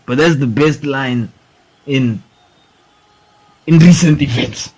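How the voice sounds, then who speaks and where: A man's voice: medium pitch, slow, darkish tone, husky, low-quality recording. A young man hosting a sports podcast, rambling in casual talk, swearing freely and saying "bro" and "dude" a lot. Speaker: podcast host.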